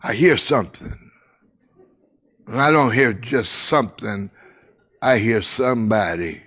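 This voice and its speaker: An older man telling a personal story from his childhood, with repeated phrases, dramatic pauses and a hushed voice at tender moments. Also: medium pitch.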